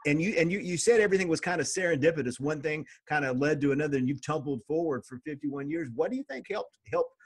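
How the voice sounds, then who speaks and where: Brief: male host, quick-paced speech, halting restarts while posing questions. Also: a little high, breathy edge. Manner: stumbles and repeats when asking. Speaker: interviewer. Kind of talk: interview questions.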